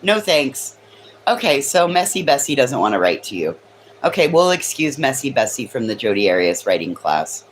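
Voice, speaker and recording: A woman's voice: extremely low pitch, very animated, moderate pace, slight background noise, low-quality recording. A woman hosting a casual livestream from home, teasing her chat with sarcastic remarks. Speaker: livestream host. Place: home near a kitchen.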